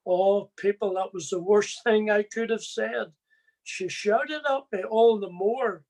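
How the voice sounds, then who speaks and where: Slow-spoken man telling his story. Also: sits high, a little mellow. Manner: slow, plain storytelling addressed straight to listeners. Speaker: speaker giving a personal testimony. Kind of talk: personal faith testimony.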